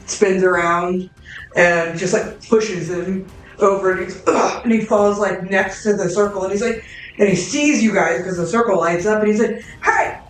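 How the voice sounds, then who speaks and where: A woman's voice: medium pitch, steady tone, normal speed, distant mic, soft background music. Woman game master, loose and chatty, in a roomy echo. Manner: casual, filler-heavy, vivid play-by-play. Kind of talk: narrating a tabletop game.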